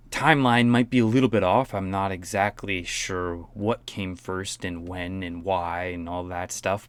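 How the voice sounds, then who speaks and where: A man's voice: fairly low pitch, dry recording. A man giving mocking, profane commentary on a pop star. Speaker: commentary host. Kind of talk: sarcastic commentary.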